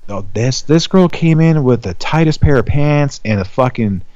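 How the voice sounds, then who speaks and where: A man's voice: mid-range voice, normal speed, dull audio. A man in his thirties, a podcast guest, telling stories in casual chat, swearing a lot and acting out quotes. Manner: animated, profane, acts out quotes in raised voices.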